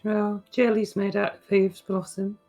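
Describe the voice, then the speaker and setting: A woman's voice: medium pitch, level tone, measured pace, mellow, faint music behind, poor audio. A woman playing a tabletop game in character, bookish and a little hesitant, explaining things with small stumbles. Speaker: player.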